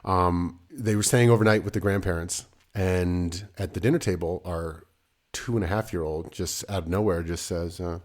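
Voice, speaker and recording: A man's voice: deep voice, normal speed. A man in his thirties co-hosting a casual parenting podcast, telling stories with lots of laughter. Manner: animated storytelling, laughs often. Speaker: podcast co-host. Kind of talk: casual chat.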